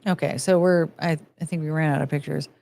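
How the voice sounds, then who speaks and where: A woman's voice: low-pitched, fairly even intonation, fairly quick, vocal fry, darkish tone, dry recording. A young woman streaming casually, gushing and cooing over pictures of dogs. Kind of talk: casual live-stream chat.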